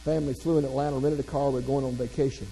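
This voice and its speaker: A man's voice: mid-range voice, flat delivery, racing, gravelly, mellow, slight background noise, rough recording. A man giving a humorous motivational keynote speech, telling folksy stories and joking straight to the audience. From Southern United States. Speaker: motivational speaker.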